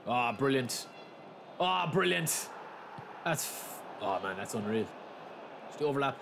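Excitable young man commenting on gameplay. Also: medium pitch, a little slow, vocal fry. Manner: chatty, swings to loud excited shouting. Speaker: gaming channel host. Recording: steady background noise.

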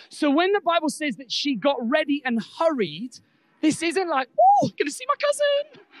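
A man preaching a sermon as pastor, animated and building to loud, emphatic exclamations. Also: extremely high pitch.

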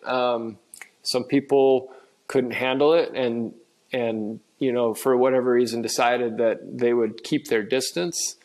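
A man from Washington state, a guest on a podcast, talking in an earnest, reflective way and often pausing to find his words over a remote recording setup. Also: medium pitch, a little mellow. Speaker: podcast guest, father of an autistic son. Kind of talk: conversational interview.

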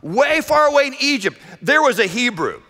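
A man preaching a sermon as pastor, dramatic, swinging between shouted lines and hushed low passages. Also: big pitch swings, normal speed. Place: church sanctuary. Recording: echoey church hall. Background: long hall reverb.

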